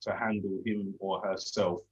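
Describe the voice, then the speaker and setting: A man's voice: sits low, little pitch movement, measured pace, darkish tone, slightly rough. A man in his thirties from London with a Cockney accent, a former police officer talking earnestly and reflectively in a casual discussion. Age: 30s. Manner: earnest, reflective, with frequent restarts. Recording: dull lo-fi audio.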